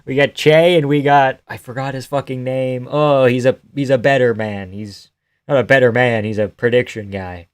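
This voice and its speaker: A young man from Canada riffing loosely on a live stream, cracking jokes and swearing freely between laughs. His voice sits at an ordinary middle pitch, and the recording is dry and close with no room sound. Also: fairly even intonation, normal speed, smooth, no room sound. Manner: joking, swearing, often laughing. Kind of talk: casual live-stream fight commentary.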